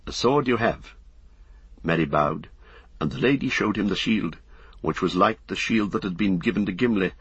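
Low-pitched, husky man, measured solemn storytelling, dry muffled recording. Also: a bit bright, no room sound. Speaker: audiobook narrator. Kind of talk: scripted narration.

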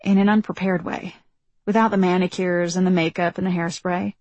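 A woman narrating a first-person novel in a measured, reflective telling. Her voice sits low with a husky, breathy texture, and the close studio sound is dry and without room echo. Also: level tone, darkish tone. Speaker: audiobook narrator.

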